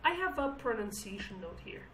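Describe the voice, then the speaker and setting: A woman with Kurdish as her first language teaches the words of a song in English, pausing to search for words and often starting sentences over. Her voice sits fairly high. The room is echoey, with a faint hiss behind her. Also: very animated, fairly bright tone, recorded from a distance. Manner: thinks aloud, restarts phrases, searches for English words. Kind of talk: explaining song lyrics.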